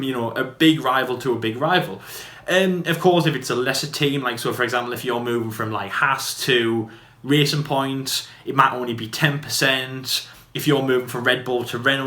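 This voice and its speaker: A man co-hosting a podcast, chatting casually in a quick, rambling way full of fillers and restarts. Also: mid-range voice, a bit bright. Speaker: podcast co-host. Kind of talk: casual debate chat. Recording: echoey room.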